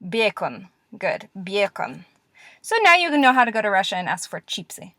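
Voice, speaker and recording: A woman teaching Russian letters in a classroom-style lesson, patient and encouraging, repeating words slowly. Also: fairly high pitch, very animated, bright, forceful tone, no room sound, clean studio sound.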